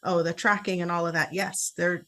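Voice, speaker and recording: A woman's voice: lowish voice, fairly even intonation, moderate pace, pushed and bright. A woman panelist making a thoughtful point in a casual chat.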